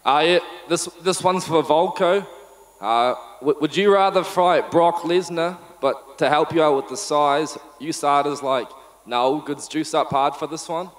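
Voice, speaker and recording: Joking audience questioner in an echoey hall. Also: male voice, a little high, a little slow. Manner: playful, joking.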